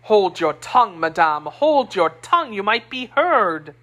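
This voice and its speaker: A pompous, cowardly middle-aged mercer, as a woman reader puts him on, puffed up with pride but quick to turn defensive. His pitch swings widely as he talks, lively and full of bluster. A classic storybook husband. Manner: self-important, proud, defensive.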